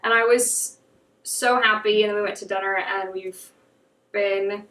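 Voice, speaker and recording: A woman's voice: medium pitch, steady tone, measured pace, fairly bright tone, far from the mic. A young woman from the United States, a podcast guest telling a story in casual chat, full of "like" fillers. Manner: chatty, lots of "like" fillers. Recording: echoey room, off mic.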